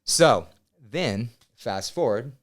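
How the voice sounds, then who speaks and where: A man in his thirties, a podcast guest, telling a personal story in a casual, animated way with some swearing. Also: mid-range voice, slow pace. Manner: animated, swears, quotes himself loudly. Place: podcast studio.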